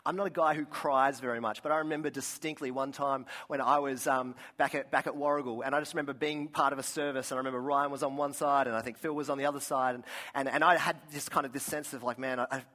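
A man's voice: medium pitch, fairly even intonation, fast, pushed and bright. A man preaching a sermon, telling personal stories in an earnest way with frequent restarts and asides. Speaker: pastor.

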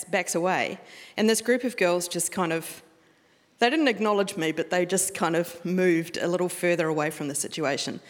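A woman's voice: on the low side, moderate pace. A middle-aged woman with a New Zealand accent, preaching a sermon in a conversational, storytelling way. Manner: conversational, storytelling with laughs and restarts. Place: church hall. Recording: long hall reverb.

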